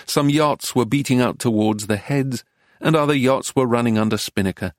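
Dry, measured English male narrator. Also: medium pitch, no echo. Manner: measured, wry, literary. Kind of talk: audiobook reading of a travel memoir.

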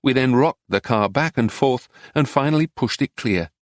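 A man narrating a memoir as an audiobook, telling it in a measured, even way. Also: medium pitch, dry recording, clean studio sound.

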